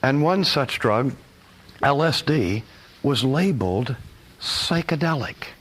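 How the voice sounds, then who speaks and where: An older man giving a recorded lecture, animated and fond of acting out his examples in voices. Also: medium pitch, takes it slowly. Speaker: teacher.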